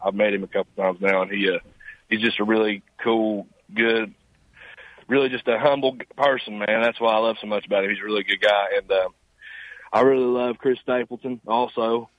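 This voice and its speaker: A man's voice: fairly low pitch, fairly even intonation, no echo. Young man, 19, Appalachian Southern accent, humble and hesitant on a dry phone line. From Eastern Kentucky mountains. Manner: humble, halting, says "man" often. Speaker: caller, singer guest. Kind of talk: casual phone interview.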